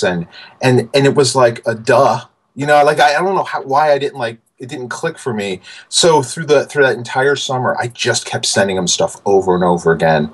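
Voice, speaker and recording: A man in his forties talks as an interview guest, telling lively stories about his past. He stumbles and restarts often, with plenty of fillers. His voice sits at a middling pitch for a man. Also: normal speed. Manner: animated, many fillers and restarts. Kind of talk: casual interview storytelling.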